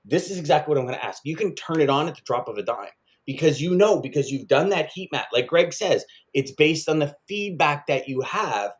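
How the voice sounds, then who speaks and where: Energetic man co-hosting a sales chat. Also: on the high side, fairly quick. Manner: energetic, repeats himself for emphasis. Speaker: podcast co-host.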